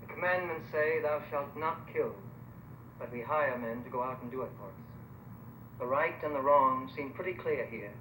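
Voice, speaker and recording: A man's voice: mid-range voice, normal speed, close to an everyday voice. A man playing a hesitant, troubled parson. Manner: hesitant, subdued. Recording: echoey old film sound with clear hiss.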